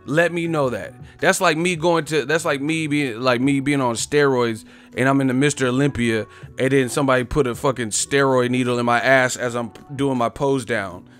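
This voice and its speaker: A man hosting a boxing live stream, ranting casually and loudly, swearing, mocking and laughing often as he reads the chat. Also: mid-range voice, fairly even intonation, moderate pace, faint music behind.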